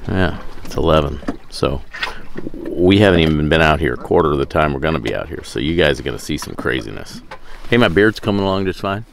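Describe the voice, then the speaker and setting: A man's voice: a bass voice, animated, brisk, vocal fry, slight background noise. A middle-aged man chatting casually to camera from a sailboat at sea, rambling with many fillers and restarts. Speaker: sailing vlogger.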